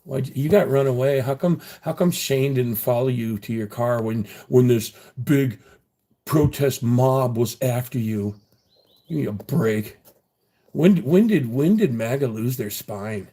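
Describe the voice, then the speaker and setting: A man's voice: medium pitch, measured pace, dark tone. A man on a casual livestream who rambles through his stories with lots of ums and restarts. He taunts his chat with crude language and laughs as he talks. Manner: taunting, profane, laughing at viewers; rambling with many fillers and restarts.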